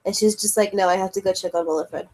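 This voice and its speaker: A woman's voice: mid-range voice, steady tone, fast, a little mellow, lightly acted, rough recording. A blunt, foul-mouthed young woman, played by a woman in a tabletop role-play. She talks loosely, in a mid-range voice, cursing without a second thought. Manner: casual, swears freely.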